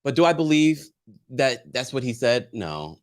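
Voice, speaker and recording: A man hosting a casual reality TV recap, chatty and animated, reading viewer comments aloud and laughing often. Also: medium pitch, a little slow, background noise. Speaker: host.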